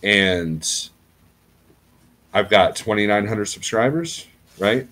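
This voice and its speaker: In his rambling, casual vlog, this middle-aged trucker YouTuber keeps asking "okay?" as he goes. He talks at a slow pace in a voice on the low side that sounds a bit bright.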